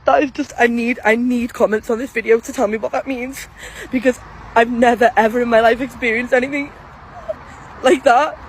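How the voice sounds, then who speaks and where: Her voice is a little high and brisk with fairly even intonation, caught on a low-quality phone recording with slight background noise. Standing outdoors at a graveside, this vlogger cries and shakes, telling viewers directly and breathlessly what just happened in an emotional address to camera.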